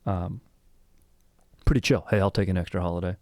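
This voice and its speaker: A man's voice: sits low, a little fast, dark tone, no echo. A young man hosting a history podcast, telling the story in a rambling, joking way and breaking off to correct himself. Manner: rambling, joking, self-interrupting. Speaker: podcast host. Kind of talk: casual history podcast chat.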